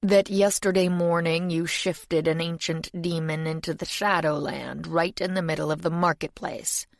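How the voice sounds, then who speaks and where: A woman's voice: deep voice, steady tone, moderate pace, creaky, no room sound. A woman reading an audiobook voices a polite, world-weary male demon who speaks in a genial, dry tone. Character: genial ancient male demon, urbane, chain-smoking.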